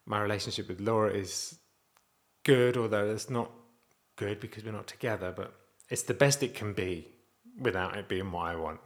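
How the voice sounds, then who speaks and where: Dad vlogger, lowish voice, earnest, rambling, stops and restarts a lot. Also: male voice, normal speed. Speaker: vlogger and father. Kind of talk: candid personal vlog.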